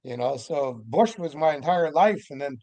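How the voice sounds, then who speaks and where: An older man from Vancouver Island, Canada, a podcast guest telling his stories in a lively way and acting out the dialogue. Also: fairly high pitch, moderate pace, dry recording. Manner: lively storyteller who acts out the dialogue. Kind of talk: casual storytelling.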